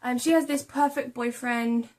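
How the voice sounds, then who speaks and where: In a casual book haul chat, a young female book vlogger reads blurbs out loud, fumbling over names and tricky words. Her voice is fairly high and darkish in tone, steady, at an ordinary pace.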